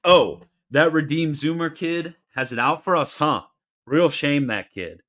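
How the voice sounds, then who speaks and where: A man's voice: on the high side, unhurried, a bit bright, pitched above the performer's own voice. A man voicing a menacing mob-style tough guy with a mock-threatening wiseguy swagger. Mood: mock menace.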